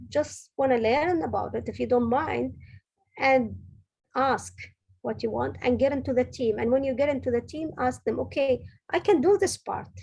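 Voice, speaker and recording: Husky, gravelly woman giving career advice. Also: high-pitched, a little mellow, poor audio. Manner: earnest, direct, advising with frequent self-corrections. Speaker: senior director giving a talk. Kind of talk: motivational advice talk.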